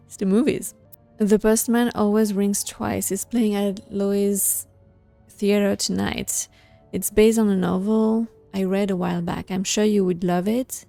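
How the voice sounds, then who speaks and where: A woman with a mellow, warm voice talks casually through a game as she plays. She thinks aloud, hesitates often and laughs lightly under her breath. Faint music sits underneath. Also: medium pitch, gravelly, no room sound. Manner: muses aloud while playing, with frequent small laughs and hesitations. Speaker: gaming video host. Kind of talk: casual let's-play commentary, reading game letters aloud.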